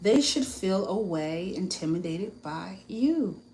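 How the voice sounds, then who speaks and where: A woman's voice: medium pitch, lively intonation, takes it slowly, darkish tone, a little hiss or hum, low-quality recording. A woman with a US Northeast accent giving dating advice in a casual vlog, chatty and frank and often laughing at herself.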